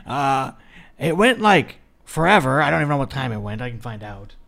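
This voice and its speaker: A man co-hosting a casual wrestling podcast, profane and animated, ribbing wrestlers and slipping into mocking voices. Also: mid-range voice, fairly quick, vocal fry. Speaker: podcast co-host.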